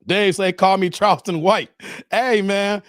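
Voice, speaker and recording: A man's voice: sits high, steady tone, a little slow, fairly bright tone, no room sound, clean studio sound. A man in his forties from the Chicago area, hosting a casual livestream and talking in a joking, slangy, emphatic way with frequent laughs. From Chicago area, United States. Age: 40s. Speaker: livestream host.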